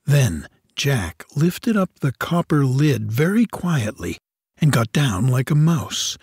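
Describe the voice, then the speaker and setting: A man reads a fairy tale aloud slowly, in an expressive, unhurried storytelling manner. His voice is husky and fairly high, with a lot of swing in the pitch, and the recording is dry and close. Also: dry recording. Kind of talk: storybook reading.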